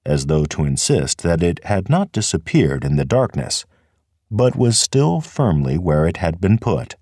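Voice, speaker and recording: A man reading an audiobook in a measured, expressive narration. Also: deep voice, no echo, studio quality. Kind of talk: scripted narration.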